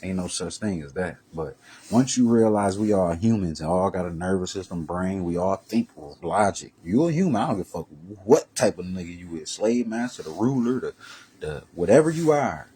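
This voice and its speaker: A man vlogging a profane, heated street-talk rant that swings from low muttering to loud raised bursts. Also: expressive, normal speed, a little hiss or hum.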